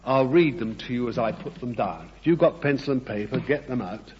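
A man's voice: medium pitch, a little fast, a little hiss or hum. A man delivering a sermon, emphatic and repetitive, questioning his congregation. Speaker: preacher. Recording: dull lo-fi echoey hall.

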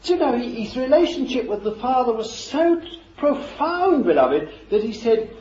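A man's voice: extremely high pitch, very animated, normal speed, a little mellow, a little hiss or hum. A man preaching a sermon in a fervent, emphatic way, repeating his phrases for stress. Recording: echoey, dull lo-fi recording.

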